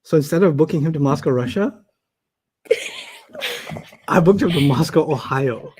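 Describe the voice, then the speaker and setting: Male teacher, casual and lively, acts out people's voices in his stories, slightly high-pitched. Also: moderate pace, husky. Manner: animated, acts out quoted voices, laughs often. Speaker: Arabic teacher. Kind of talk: casual classroom storytelling and teaching.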